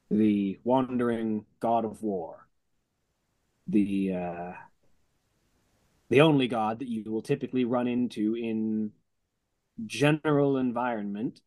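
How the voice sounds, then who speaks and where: A man running a tabletop game as game master, describing the world in an unhurried way with frequent fillers. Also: mid-range voice, a little mellow, dry recording.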